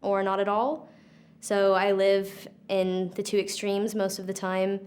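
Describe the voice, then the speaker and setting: A woman's voice: mid-range voice, flat delivery, a little slow, darkish tone. A woman in her twenties from Alabama, an acting graduate, introducing herself in an earnest, reflective way. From United States (Alabama). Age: 20s. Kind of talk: self-introduction to camera.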